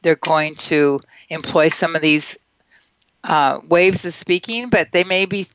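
A woman's voice: deep voice, unhurried, a bit bright, smooth. A woman hosting a radio talk show, asking curious follow-up questions in a chatty manner. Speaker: radio host. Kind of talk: casual radio interview. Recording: dull lo-fi radio audio.

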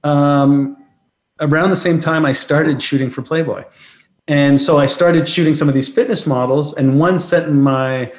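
A man being interviewed as a guest, telling reflective anecdotes in a conversational way. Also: a little high. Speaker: guest, photographer. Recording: roomy echo.

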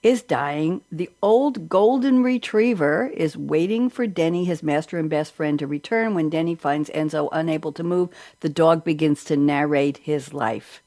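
Lively New York woman hosting. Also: low-pitched, normal speed, few pauses, no room sound, clean studio sound. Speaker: host. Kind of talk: lively radio chat.

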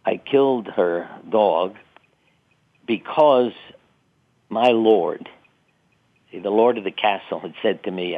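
An older man recounts personal experiences in a relaxed, reflective interview manner, now and then laughing at himself. His voice sits very low. The sound is narrow and tinny, like a telephone call. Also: slow pace, pauses often. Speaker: guest. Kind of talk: interview storytelling. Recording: tinny phone-line sound.

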